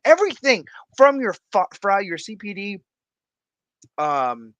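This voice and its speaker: Excitable, bright-voiced man hosting a livestream. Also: high-pitched, unhurried, dry recording. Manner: goofy and excitable, laughs often, greets viewers by name. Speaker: livestream host. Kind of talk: casual livestream chat.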